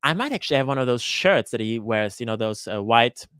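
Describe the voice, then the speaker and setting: A man hosting a live Q&A for his cooking channel, chatting casually and greeting viewers by name, often pausing with "uh" and restarting his sentences. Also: mid-range voice, lively intonation, fairly bright tone, clean tone, no room sound, studio quality. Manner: hesitant, with frequent "uh" fillers and restarts. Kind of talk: live-stream Q&A chat. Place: lives in Switzerland.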